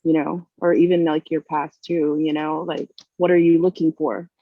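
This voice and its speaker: A woman's voice: deep voice, flat delivery, normal speed. A woman guest speaking bluntly, her thoughts winding through filler words. The sound is dull and lo-fi, and dry with no room echo. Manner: rambling, frank, full of "like" and "you know". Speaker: podcast guest. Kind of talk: casual chat. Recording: muffled lo-fi sound.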